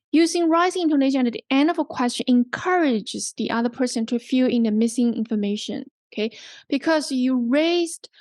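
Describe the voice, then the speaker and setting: A woman's voice: on the high side, darkish tone, no room sound. A woman with a Hong Kong English accent teaching a workshop on English intonation, patient and repetitive, checking in often with "okay?" and "right?". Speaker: language workshop instructor.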